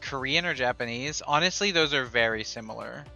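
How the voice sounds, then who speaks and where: A man's voice: mid-range voice, brisk, gravelly, sharp tone, soft background music. A man co-hosting a casual podcast in a playful, jokey way. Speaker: podcast co-host. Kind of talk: casual chat.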